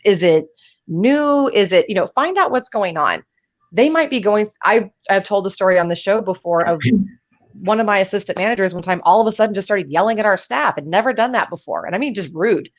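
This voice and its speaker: A woman hosting a panel talk show, giving blunt, emphatic advice and telling stories. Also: mid-range voice. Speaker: host. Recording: dull lo-fi sound.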